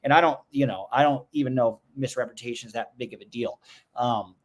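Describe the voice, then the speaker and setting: A man's voice: medium pitch, fast talker. A man hosting a casual livestream, rambling through viewer comments with restarts and joking asides. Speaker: livestream host. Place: indoors at home.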